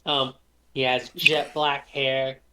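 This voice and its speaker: A man narrating as game master in a tabletop game, describing scenes with frequent pauses and fillers. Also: medium pitch, little pitch movement, background noise. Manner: descriptive, hesitant with many fillers.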